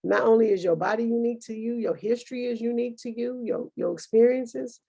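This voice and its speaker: A woman's voice: on the high side, brisk, gravelly, mellow, husky. A woman hosting a podcast, recapping past episodes in a casual, preachy monologue and thinking aloud with fillers.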